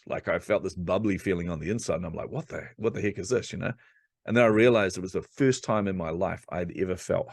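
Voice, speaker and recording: Deep-voiced man telling a story. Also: no room sound, studio quality. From New Zealand. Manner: animated, acts out quoted voices. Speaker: podcast guest. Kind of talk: conversational storytelling.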